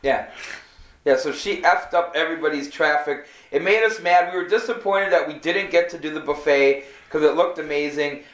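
A man's voice: on the high side, normal speed, fairly bright tone. A man co-hosting a casual comedy podcast, talking in a loose, rambling way. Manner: loose, rambling, with repeated words. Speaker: podcast co-host. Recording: echoey room.

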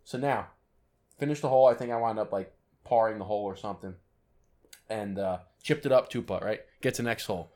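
Swearing, animated male podcast storyteller. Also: fairly low pitch, fairly quick. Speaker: podcast co-host. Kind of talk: casual chat.

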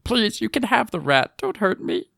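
A man doing a terrified young prisoner in a dramatic book reading, his voice thin, weak and squeaking much higher than usual. He pleads and trembles over every word. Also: lively intonation, slow pace, vocal fry, no echo, studio quality, heavily acted. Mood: pleading.

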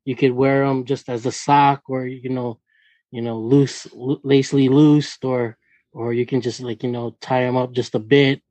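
A man's voice: mid-range voice, little pitch movement, normal speed, a little mellow, no room sound. A man co-hosting a casual podcast, easygoing and slangy, leaning on "like" and "you know". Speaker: podcast co-host.

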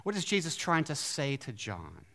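A man preaching a sermon in an animated way, often asking his listeners questions. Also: a little high, normal speed. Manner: animated, asks the audience questions.

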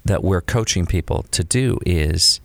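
Deep-voiced man in a dry studio. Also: unhurried, creaky, no room sound. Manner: animated, acts out quoted examples. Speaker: podcast co-host. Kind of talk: casual conversation about creative work.

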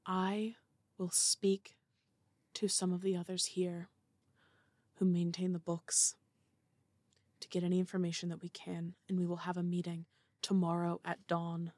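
A woman voicing a stern male grand keeper, speaking in a low, measured, formal way. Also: monotone, a little mellow, dry recording.

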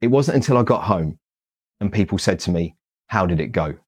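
A man's voice: low voice, animated, brisk, husky. A man with a British accent telling his story animatedly in an interview, acting out past conversations in a self-deprecating way. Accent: British English. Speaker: guest speaker, Paralympian.

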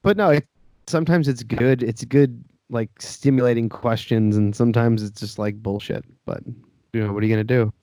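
A man's voice: medium pitch, steady tone, moderate pace, warm tone, no room sound, studio quality. A man chatting casually on a podcast, easygoing and rambling, laughing often. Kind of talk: casual chat.

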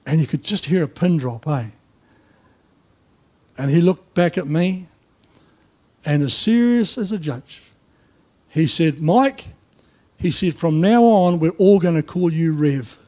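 A middle-aged man with a New Zealand accent preaching a sermon in church, telling personal stories in a colloquial, animated way. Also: a little high, a little slow, pauses often. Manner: down-to-earth, colloquial, animated storytelling. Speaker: pastor.

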